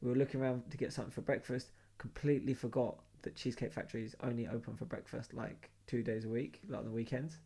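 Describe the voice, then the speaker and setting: A man with a London accent, co-hosting a podcast, telling animated, slangy travel stories in casual chat. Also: medium pitch, fast, hardly any pauses, husky. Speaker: podcast co-host.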